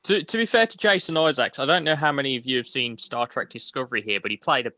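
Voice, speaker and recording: Bright-voiced amused male panelist. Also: medium pitch, fast talker, no room sound. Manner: amused, chatty. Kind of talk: casual live panel chat.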